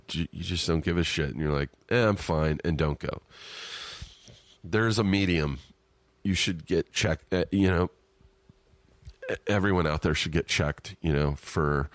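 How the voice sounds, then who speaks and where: Very deep-voiced man, podcast host. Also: no echo. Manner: loose, rambling, with filler words and restarts. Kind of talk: reading a listener email and chatting.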